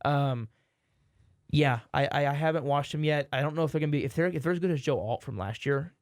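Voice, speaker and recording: A man's voice: on the high side, brisk, dry recording. A man, co-hosting a sports podcast in casual chat, rambling and correcting himself, sometimes exasperated.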